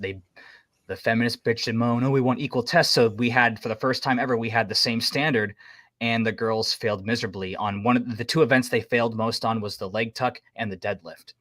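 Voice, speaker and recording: A man, a military veteran, chatting casually on a podcast and telling rambling, animated stories. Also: lowish voice, no room sound, clean studio sound.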